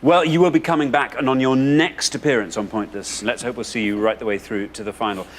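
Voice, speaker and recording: A man with an English accent hosting a quiz show, brisk and upbeat, building suspense before each reveal. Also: medium pitch, fairly even intonation. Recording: studio audience and background noise.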